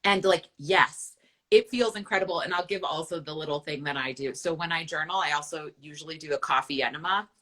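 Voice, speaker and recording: A woman's voice: deep voice, fairly quick, pushed and bright. A woman nutritionist hosting a casual chat, candid and chatty, often checking in with "right?". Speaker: nutritionist and host.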